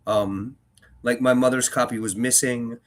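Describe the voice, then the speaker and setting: A man's voice: mid-range voice, steady tone, a little slow. A man hosting a book-reading channel, chatting casually between readings in a rambling way, with frequent restarts and fillers. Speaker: reader and host.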